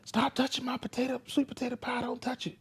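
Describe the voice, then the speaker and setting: A man voicing a shrill, scolding female daycare worker. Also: monotone, quick pace, husky, full character voice.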